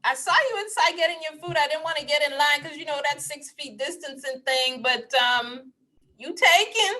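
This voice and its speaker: A woman's voice: high-pitched, normal speed, sharp tone, pitched above the performer's own voice. A woman voicing a hopeful man trying to flirt with her outside a restaurant, eager and casual. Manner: eager, casual pickup line.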